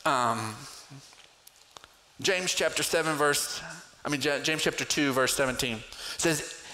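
A middle-aged man preaching a sermon, telling a personal story with lively swings in pitch. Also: unhurried, low-quality recording. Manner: storytelling with animated pitch jumps in acted prayers. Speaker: pastor.

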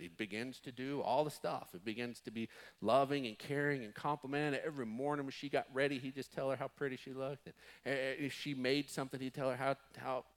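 A man preaching a sermon as pastor, emphatic, stretching key words and restarting phrases. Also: mid-range voice.

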